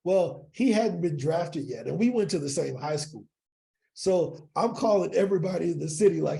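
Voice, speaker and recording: A man from East St. Louis, a podcast guest telling animated stories and often checking in with "right?". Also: fairly high pitch, normal speed, gravelly. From East St. Louis, Illinois. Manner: animated storyteller, keeps asking "right?". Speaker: podcast guest, sales coach. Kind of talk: casual interview storytelling.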